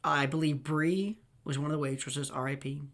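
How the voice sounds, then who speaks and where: A young man with a slightly high voice spins loose, rambling anecdotes, laughing and cursing as he goes. He slips into the voices of the people in his stories. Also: moderate pace, a bit bright. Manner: rambling, laughing, swears, acts out quoted people. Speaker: podcast host. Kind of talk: casual storytelling chat.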